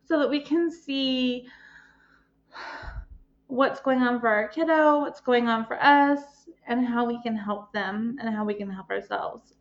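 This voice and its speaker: A woman hosting her own podcast, telling a personal story with emotion and plenty of pauses and ums. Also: on the high side, lo-fi sound. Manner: emotional, pausing, many ums. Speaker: podcast host and life coach.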